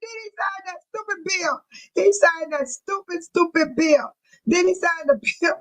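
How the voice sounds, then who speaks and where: A woman's voice: very high-pitched, unhurried, faint music behind, poor audio. A woman hosting a casual livestream, laughing hard and breathless as she talks to her chat. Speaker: livestream host.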